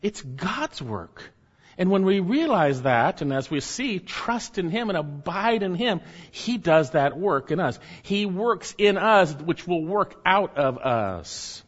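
A man's voice: high voice, sing-song, slow pace, big-room sound, lo-fi sound. A man preaching a sermon emphatically, swelling up and then dropping to near murmurs. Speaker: pastor.

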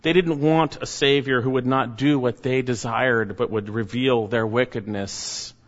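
In a steady, mid-range voice, a man gives a sermon with slow, weighty emphasis, each phrase trailing off into quiet. A long echo from the hall hangs on his words, and the recording quality is dull and lo-fi.

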